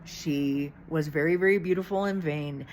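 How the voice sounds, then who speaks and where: A middle-aged woman with a low-pitched voice talks through a loose, rambling monologue, frank and chatty, with the odd curse. A faint hum sits under the recording. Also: normal speed, a little mellow. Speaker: channel host. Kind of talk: casual monologue.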